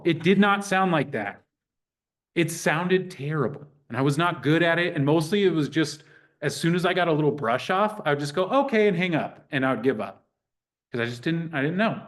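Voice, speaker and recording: Guy teaching a workshop, slightly high voice, acts out phone calls. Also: moderate pace. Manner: energetic, conversational, acts out sample phone calls. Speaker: real estate trainer.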